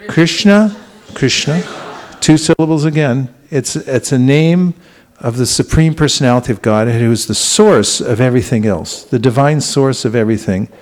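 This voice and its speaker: A spiritual teacher addresses a congregation in a temple hall, his mid-range voice gentle and unhurried. He often restarts his thoughts and puts questions to the audience.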